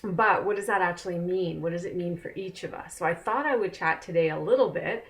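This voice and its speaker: Woman, slightly low voice, chatty, casual oracle reading vlog, home desk, camera mic. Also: fairly quick. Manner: chatty, conversational. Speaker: oracle card reader.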